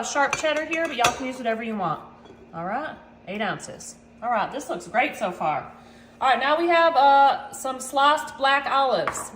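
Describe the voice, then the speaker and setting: A cooking channel host with a high-pitched voice chats to viewers from her home kitchen, calling them y'all during a casual cooking demonstration. The background is noisy, with dishes clattering in the echoey room.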